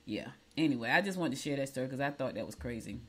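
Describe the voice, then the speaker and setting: A woman's voice: very deep voice, expressive, fast, husky. A woman radio host giving outspoken, chatty commentary on the news in a casual talk-radio style. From United States.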